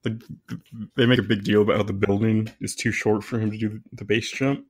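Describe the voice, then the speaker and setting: Laughing, lower-voiced man. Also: little pitch movement, a little fast, husky. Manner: enthusiastic, laughs often. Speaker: podcast co-host. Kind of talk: casual chat.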